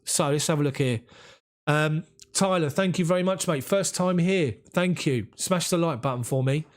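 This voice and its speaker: A man's voice: fairly high pitch, normal speed. Chatty London man reading live comments. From England. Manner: chatty, thanks viewers by name. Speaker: football fan channel host. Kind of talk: live watch-along chat reading comments.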